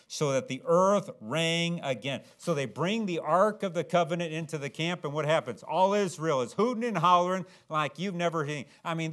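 A man preaching a sermon, swinging from low, earnest tones to loud, dramatic, acted-out shouts. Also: expressive, moderate pace, hardly any pauses.

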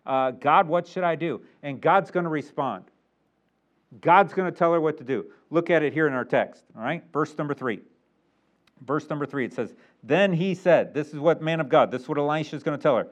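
Muffled lo-fi recording of a preacher. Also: male voice, fairly high pitch, fairly quick. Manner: reads King James verses aloud, swells louder on key points. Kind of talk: sermon.

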